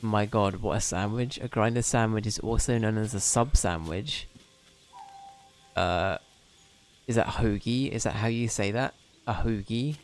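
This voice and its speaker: A man's voice: fairly low pitch, a little slow, slight background noise. A young Englishman chatting casually and rambling with self-mocking humour while streaming a game. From England.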